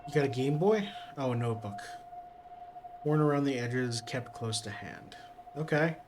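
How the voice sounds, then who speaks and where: A man's voice: medium pitch, lively intonation, normal speed, background noise. A man streaming a game, reading its text aloud and adding casual joking asides.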